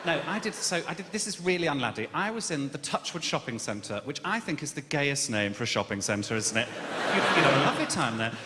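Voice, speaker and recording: Campy, sardonic male stand-up from Birmingham, lively pitch, echoey live room with loud ambience. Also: fairly quick, background noise. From Birmingham, England. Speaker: stand-up comedian. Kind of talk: stand-up comedy set. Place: comedy club stage. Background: loud audience ambience.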